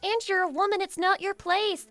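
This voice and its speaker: A woman's voice: very high voice, fairly even intonation, normal speed, a bit bright, faint music behind, voice pushed up. A woman voicing a pushy, condescending backseat gamer who impatiently demands the controller. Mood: bossy.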